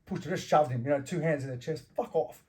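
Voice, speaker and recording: A man's voice: a little high, fast talker, a little mellow. A middle-aged Australian man, a former fighter, telling door stories in casual interview talk and swearing freely. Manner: swears freely, acts out quarrels in anecdotes. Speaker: guest, former fighter and bouncer.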